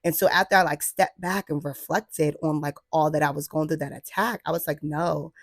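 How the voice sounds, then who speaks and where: A woman's voice: low voice, fairly even intonation, normal speed, dry recording, clean studio sound. A woman in her late twenties from New Jersey, vlogging in a casual chat about her faith and her plans. She talks animatedly, laughs often and acts out her own past thoughts. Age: 20s. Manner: laughs often, frequent fillers like "like".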